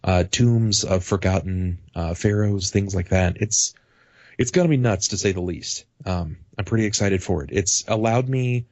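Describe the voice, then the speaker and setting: Low-voiced man rambling about his games. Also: moderate pace, dry recording, lo-fi sound. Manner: animated, rambling, swears casually. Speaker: podcast guest, tabletop game master. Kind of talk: casual podcast chat.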